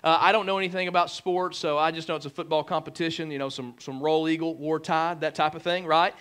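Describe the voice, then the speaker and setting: Man, high voice, pastor giving a jokey sermon, animated and chatty. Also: quick pace, clean tone. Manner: joking, animated, fillers like "like" and "right?". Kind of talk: humorous sermon. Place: church sanctuary.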